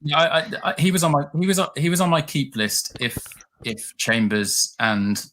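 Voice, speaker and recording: A man talking as a guest on a casual fan show over a video call, halting and repeating words while he thinks. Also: on the high side, lively intonation, fairly bright tone, slight background noise. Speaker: pundit guest. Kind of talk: casual opinion chat.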